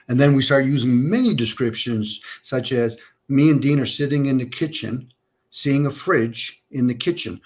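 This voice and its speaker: A man's voice: medium pitch, normal speed, a little mellow. A man hosting a livestream, rambling through philosophical ideas with lots of rhetorical questions over an online call. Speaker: livestream host. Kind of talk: casual philosophical chat.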